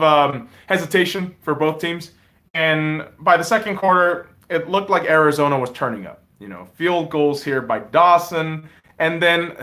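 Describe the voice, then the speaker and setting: A man hosting a podcast, ranting casually about football with lots of swearing, dropping into mumbled asides and jumping to loud outbursts. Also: a little high. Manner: profane, swings between mumbling asides and loud excited outbursts. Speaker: podcast host. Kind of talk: casual sports rant.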